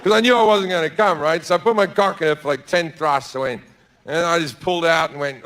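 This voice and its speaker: A man's voice: on the high side, fast talker, a bit bright, slight background noise. A middle-aged man doing stand-up comedy, telling a crude story bluntly with lots of swearing, on a club stage with a handheld mic. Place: comedy club stage before a live audience.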